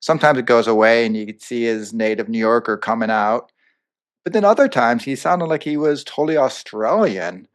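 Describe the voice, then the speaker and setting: Man, podcast co-host, casual review chat, rambling, medium pitch. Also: brisk. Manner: rambling, animated, lots of fillers.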